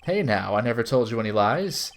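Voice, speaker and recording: A man's voice: mid-range voice, very animated, a little fast, voice pushed down. A smug young celebrity shows his true face as a villain, taunting in a syrupy, mocking tone, as a man reads him for a game playthrough. The voice rises and dips a lot on the sneers. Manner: taunting, mock-sweet.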